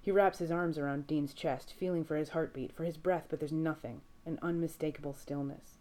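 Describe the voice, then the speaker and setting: A woman narrating a story aloud in a steady, measured reading voice. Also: low voice. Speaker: reader. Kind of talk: audiobook fiction reading.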